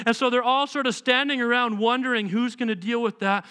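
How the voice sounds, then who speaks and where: A male pastor preaching a sermon in a church, emphatic and animated, firing off rhetorical questions. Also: extremely high pitch, brisk, few pauses, clear, resonant tone. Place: church sanctuary.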